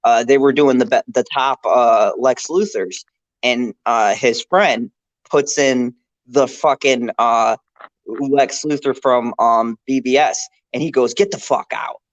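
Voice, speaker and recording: A man with a medium-pitched voice co-hosts a live pop culture stream, ranting casually in an animated way with lots of swearing. He speaks slowly, and the audio is dull with no room sound.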